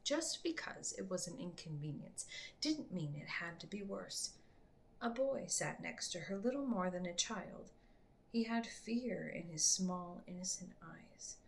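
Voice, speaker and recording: A woman reading her own book aloud to her family in an unhurried way, slipping into soft whispers. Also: fairly low pitch, lively intonation, creaky.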